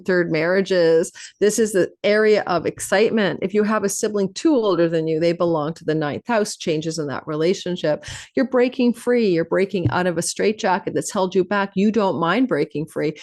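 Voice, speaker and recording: Woman astrologer host, rapid and animated delivery, stacks phrases into lists. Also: mid-range voice. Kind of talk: fast-talking astrology forecast monologue.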